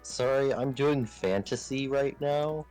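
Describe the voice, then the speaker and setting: A man in a casual gaming chat, speaking with dry, deadpan quips. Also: medium pitch, takes it slowly, faint music behind, low-quality recording. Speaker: friend on game server.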